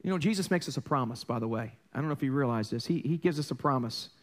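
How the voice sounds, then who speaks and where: A man's voice: medium pitch, fast. A middle-aged man preaching a casual sermon as a pastor, joking and asking the congregation questions. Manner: conversational, self-deprecating, jokey storytelling; frequent restarts and rhetorical questions to the congregation. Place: church sanctuary.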